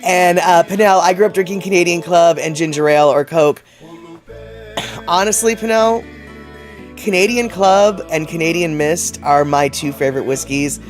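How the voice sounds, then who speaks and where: A man's voice: a little high, normal speed, faint music behind. A man hosting a casual livestream, reading chat messages aloud and rambling in a chatty way, laughing often.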